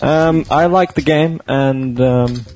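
A man's voice: mid-range voice, slow pace, darkish tone. A man in casual chat after a tabletop game, teasing his friends and often restarting his sentences.

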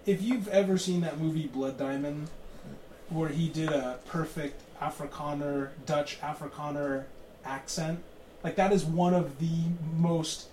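A man's voice: fairly high pitch, steady tone, unhurried, a little mellow. A man playing in a tabletop game, rambling in casual chat, laughing often and swearing freely. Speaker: player. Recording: roomy, distant mic, light noise.

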